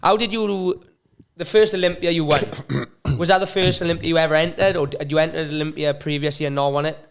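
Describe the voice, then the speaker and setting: A man's voice: a little high, steady tone, fairly quick, clear, resonant tone. A man hosting a podcast, reading a sponsor message and asking his guest questions. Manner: reads a sponsor message, brief agreeing interjections. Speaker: podcast host. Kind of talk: casual chat. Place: podcast studio.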